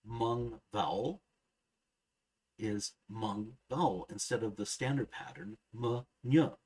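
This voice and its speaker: A man narrating a scripted grammar lesson, measured and precise, slowly sounding out each example word. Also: fairly low pitch, darkish tone, low-quality recording. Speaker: language teacher.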